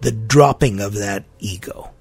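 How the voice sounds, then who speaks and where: A man preaching a sermon, emphatic and deliberate, repeating his key phrases for weight. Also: lowish voice, gravelly, darkish tone, husky.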